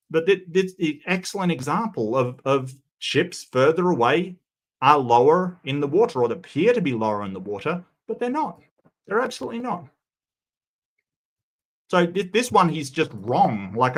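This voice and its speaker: Animated man reacting with disbelief. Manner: incredulous, rising in pitch when objecting. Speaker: commentary host reacting to a clip. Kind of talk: casual live commentary.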